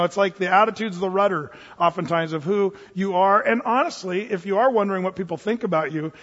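A male pastor preaches in a loose, conversational way, often restarting his sentences. His voice sits fairly high for a man and has a husky grain. The recording is dull and muffled, with a long hall echo. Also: a bit bright. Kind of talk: sermon.

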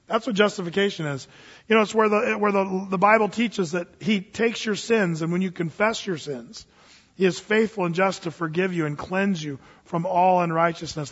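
A man's voice: sits high, fairly bright tone. A man preaching a sermon as a pastor in a church, talking conversationally and acting out the people he quotes. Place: church sanctuary. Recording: dull, echoey church hall.

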